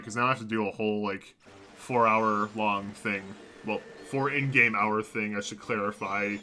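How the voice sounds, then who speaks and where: Soft background music? No, faint music sits behind this young man's low-leaning, steady, bright and forceful voice as he streams a video game at his home computer. At a moderate pace he offers casual, rambling commentary to viewers, correcting himself often, captured on a desk mic.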